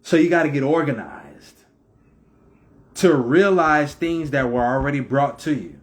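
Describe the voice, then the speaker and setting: Guy preaching to his viewers, voice swings all over, slow and drawn out, asks lots of questions. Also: a little high. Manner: animated, preachy, rhetorical questions. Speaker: video host. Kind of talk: casual spiritual talk to viewers.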